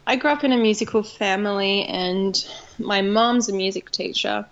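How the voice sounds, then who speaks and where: A woman guest from Australia, a singer telling her story in an interview, animated and laughing often. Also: mid-range voice, moderate pace, dull audio. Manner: animated, laughs often, acts out quoted voices.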